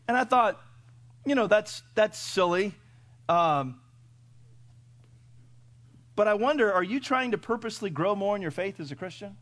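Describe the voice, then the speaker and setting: A middle-aged man preaching a sermon in a folksy way, firing off rhetorical questions and swinging from loud to hushed. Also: high voice, lively intonation, moderate pace, pauses often. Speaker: pastor.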